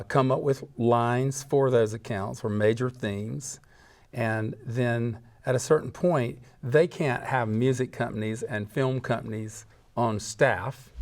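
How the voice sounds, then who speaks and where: A man, a guest jingle composer, telling lively stories with frequent laughs and acted-out voices. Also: medium pitch. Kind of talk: animated storytelling.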